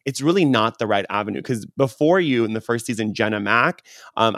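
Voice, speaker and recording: A man hosts a casual podcast, reacting quickly and exclaiming in a gossipy chat. His voice is mid-pitched and the sound is close and dry, with no room echo. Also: a bit bright. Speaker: podcast host.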